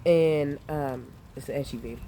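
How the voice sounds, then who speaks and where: Profane, animated woman with a mellow voice. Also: low-pitched, moderate pace, a little hiss or hum. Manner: profane, animated, laughs often. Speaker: vlogger recounting dreams. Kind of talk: casual storytelling. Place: outdoors in light rain. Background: rain and outdoor ambience.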